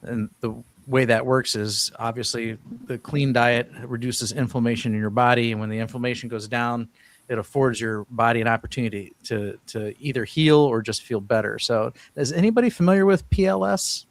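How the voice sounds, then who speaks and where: A man's voice: mid-range voice, moderate pace. A man hosting a casual live-stream panel, talking loosely with frequent restarts. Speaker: host of a diet livestream panel.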